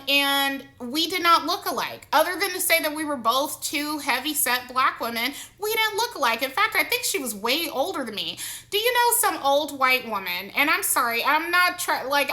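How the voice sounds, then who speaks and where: Woman going off on a cussing rant for her vlog, high bright voice, fed up and loud about it. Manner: profane, heated, exasperated. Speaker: vlogger. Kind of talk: angry personal rant to camera.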